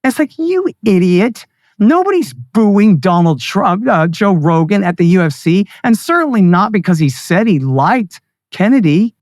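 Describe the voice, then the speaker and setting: A man's voice: high-pitched, very animated, unhurried, dry recording, studio quality. A man speaking as a guest in a political interview, ranting with sarcasm and scorn. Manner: mocks others in put-on voices. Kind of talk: heated political interview talk.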